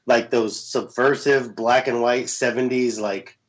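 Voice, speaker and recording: A man, a comic book creator, speaking as a podcast guest in a laid-back, joking way with halting phrases. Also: mid-range voice, steady tone. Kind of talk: casual podcast chat.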